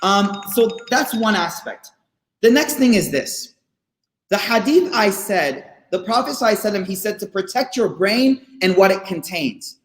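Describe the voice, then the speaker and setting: Male guest speaker, high-pitched, casual and animated with students, repeats lines for emphasis; echoey room sound. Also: normal speed. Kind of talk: casual faith talk to students. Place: online session, room not known. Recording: roomy echo.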